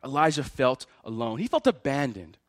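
At normal speed and medium pitch, a man preaches a spirited sermon as a pastor, voicing Elijah and God with feeling. The audio is clean studio sound with no room sound.

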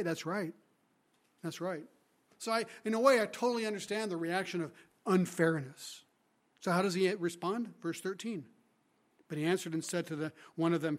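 A guest speaker delivers an expository sermon, retelling the story with lively energy and asking the congregation rhetorical questions. His voice sits high and he speaks at a normal speed.

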